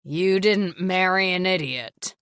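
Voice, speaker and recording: A woman reading an audiobook, voicing a drunk, suspicious husband who talks slowly and snarls. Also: deep voice, a bit bright, no room sound, studio quality. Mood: angry. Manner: slow, snarling.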